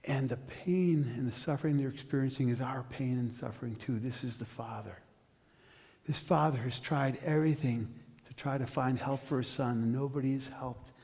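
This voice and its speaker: A male pastor preaching a sermon with dramatic storytelling, long pauses, and passages that build to loud intensity. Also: medium pitch, long reverb tail.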